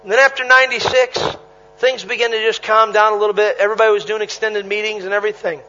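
A man preaching a sermon, telling stories with animated energy, punchy repetition and bursts of laughter. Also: high-pitched, fast, muffled recording. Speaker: traveling preacher.

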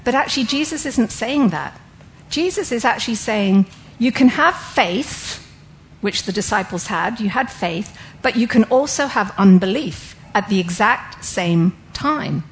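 A woman's voice: fairly high pitch, animated, unhurried, a little hiss or hum, low-quality recording. Woman teaching a Bible class. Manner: engages listeners with questions; explanatory, breaks ideas down step by step. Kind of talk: interactive sermon teaching.

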